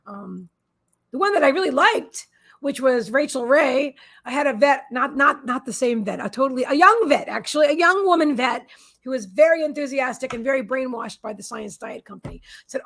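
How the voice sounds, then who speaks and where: A woman's voice: sits high, lively intonation, fairly quick, vocal fry, fairly bright tone. A woman hosting a psychic live stream from her desk at home, chatting in a meandering way and often talking to her pets. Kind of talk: casual chat on a live stream.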